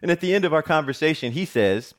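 Lively middle-aged man telling stories. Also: fairly high pitch, quick pace. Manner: animated, jokey storyteller who laughs often. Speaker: TV presenter giving a talk. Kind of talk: personal storytelling talk.

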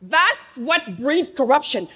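A woman with a high voice speaks to a live audience in a room. She delivers a passionate speech as a business owner, throwing out rhetorical questions and pausing to let points land. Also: big pitch swings, bright, forceful tone. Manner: emphatic, with pauses for effect.

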